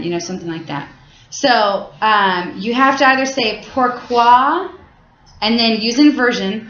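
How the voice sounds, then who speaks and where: A woman's voice: fairly high pitch, normal speed, a bit bright, a little hiss or hum. A woman teacher explaining grammar to her class in a casual, chatty way, full of fillers and restarts. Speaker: French teacher. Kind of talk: classroom lesson. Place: high school classroom. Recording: echoey classroom, dull lo-fi sound.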